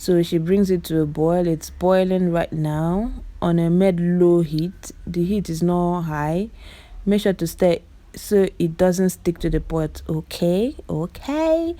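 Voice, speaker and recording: This vlogger's voice sits on the low side, dark in tone, a little slow, with fairly even intonation and no room sound. Speaking with a Nigerian Igbo accent, she chats over clips, exclaiming often, addressing viewers directly, and repeating words to stress them.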